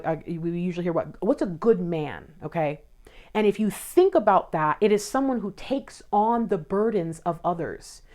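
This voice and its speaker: A woman's voice: medium pitch, a little mellow. A woman giving a casual, emotional tarot reading and talking straight to her viewers. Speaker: tarot reader.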